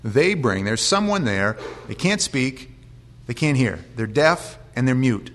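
A man's voice: mid-range voice, animated, a little slow, a bit bright. Middle-aged guy preaching casual, reads a verse then breaks it down in plain talk. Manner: informal, reads scripture then explains it in plain words. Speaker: pastor. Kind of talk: conversational Bible teaching.

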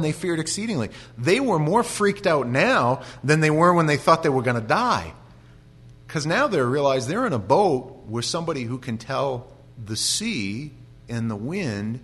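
A male pastor giving an animated sermon with humorous stories and frequent restarts. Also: a little high, moderate pace, breathy edge.

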